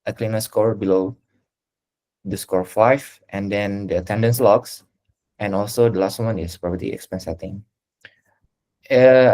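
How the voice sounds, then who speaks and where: Low-voiced man presenting a dashboard. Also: a little mellow. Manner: lists items with frequent fillers. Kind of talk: casual screen-share presentation. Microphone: video call.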